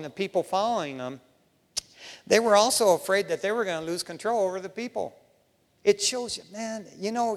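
High-voiced preacher dude, lively storytelling sermon, lots of reverb like a big hall. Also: male voice. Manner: animated storytelling, casual asides.

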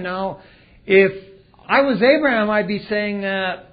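Male preacher, folksy sermon, fairly high voice, loud-to-hushed swings; dull lo-fi recording. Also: animated, a little slow.

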